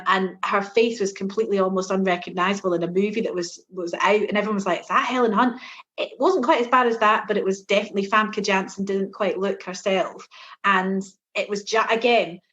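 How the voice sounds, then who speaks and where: A woman co-hosting a movie review podcast, chatting casually, sarcastic and quick to laugh. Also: mid-range voice, fairly even intonation, a bit bright, highs cut off. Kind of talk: casual chat.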